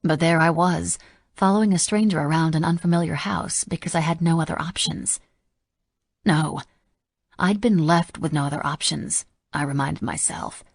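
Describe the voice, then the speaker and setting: Female audiobook narrator, deep raspy tone, sardonic first-person read. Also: normal speed, no room sound, clean studio sound.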